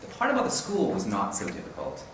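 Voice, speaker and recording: A man's voice: fairly low pitch, wildly swooping pitch, fast, a bit bright. Man giving a rambling classroom talk. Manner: rambling, self-correcting, chuckling. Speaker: presenter at a teaching conference. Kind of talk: casual conference talk. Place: conference room. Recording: roomy, distant mic with faint hiss.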